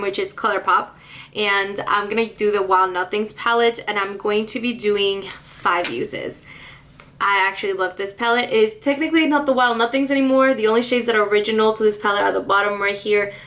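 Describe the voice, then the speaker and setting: A woman's voice: mid-range voice, a bit bright. A woman beauty vlogger chatting casually to camera about her makeup, with frequent fillers and small laughs.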